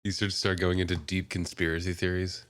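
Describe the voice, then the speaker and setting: A man's voice: low-pitched, little pitch movement, brisk, a bit bright, no room sound, studio quality. A man co-hosting a podcast, chatting casually with short, skeptical remarks. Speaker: podcast co-host. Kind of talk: casual chat.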